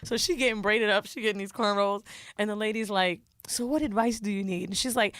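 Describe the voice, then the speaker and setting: Another young female co-host tells a reality show story on a podcast, full of profanity and dramatized quotes, in easy conversation. Her pitch runs high and her delivery is brisk. The recording is dry and of studio quality.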